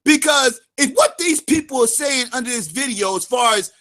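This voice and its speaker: A man hosting his own channel, ranting heatedly and profanely in a vlog and often shouting. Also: very high-pitched, animated, moderate pace, few pauses. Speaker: channel host.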